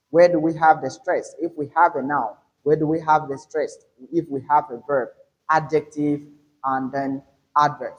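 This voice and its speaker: A man teaches an English pronunciation lesson, explaining step by step, repeating his points and loudly stressing example words. His pitch is fairly high, and the recording is rough.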